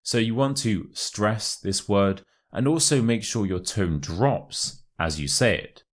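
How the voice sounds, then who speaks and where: A man with a deep, low voice and a modern Received Pronunciation English accent delivers a scripted English lesson. He speaks clearly and deliberately and stresses the key words. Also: animated. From United Kingdom. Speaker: English teacher. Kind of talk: scripted teaching monologue. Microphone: laptop recording setup.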